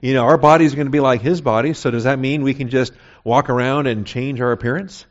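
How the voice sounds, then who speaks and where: A man's voice: mid-range voice, fairly even intonation, fairly quick. A man pastor teaching through a Bible passage in a conversational sermon style, asking rhetorical questions and checking in with "okay?". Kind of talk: expository sermon. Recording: slightly muffled, dull recording.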